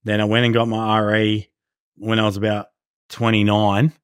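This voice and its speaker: A man, a podcast guest chatting casually and telling animated, profanity-filled stories. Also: lowish voice, normal speed, clear, resonant tone, dry recording, studio quality. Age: 40s. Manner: swears a lot, animated storyteller acting out quotes. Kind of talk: casual chat.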